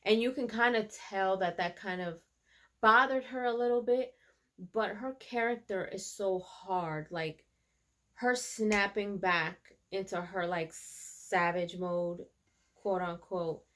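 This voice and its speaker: A woman's voice: mid-range voice, takes it slowly, fairly bright tone. A woman in a casual episode recap, chatty and hesitant with many fillers. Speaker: show reviewer.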